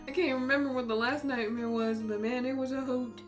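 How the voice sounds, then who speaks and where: A woman's voice: sits high, steady tone, a little fast, music in the background. A young woman casually commenting on a story game with emotional, giggly reactions. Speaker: gaming channel host.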